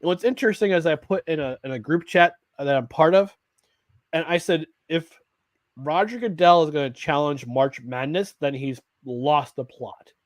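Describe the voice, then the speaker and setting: A man's voice: on the high side, normal speed, dry recording. A man co-hosting a live sports talk show, rambling with restarts and reading viewer comments aloud. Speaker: podcast co-host.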